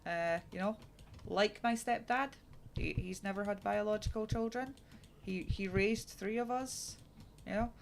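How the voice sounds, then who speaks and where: A woman's voice: medium pitch, unhurried, gravelly. A woman in her thirties streaming a game, chatting casually and frankly with lots of fillers. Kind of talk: casual chat while gaming. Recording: noisy, keyboard clicks behind.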